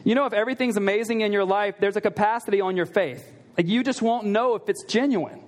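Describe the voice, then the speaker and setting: A fast-talking, high-pitched man serves as pastor, preaching a conversational sermon. He questions the listeners rhetorically and repeats key phrases to emphasize them.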